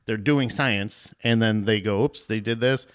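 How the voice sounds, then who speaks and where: A man's voice: lowish voice, measured pace, clean tone. A man co-hosting a movie podcast, chatting casually, rambling and restarting his sentences. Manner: rambling, restarts often, profane. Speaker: podcast co-host.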